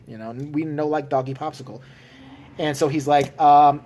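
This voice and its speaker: A man's voice: fairly high pitch, fairly quick, a little mellow. A man from Chicago telling a story in a sarcastic, profane rant for his vlog. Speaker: vlogger. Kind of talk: ranting storytelling.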